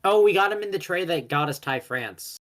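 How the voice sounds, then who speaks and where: A man's voice: fairly high pitch, animated, brisk, a bit bright. Rambling young man chatting sports. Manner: rambling, stumbles on names and corrects himself. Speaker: co-host. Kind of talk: casual sports podcast chat.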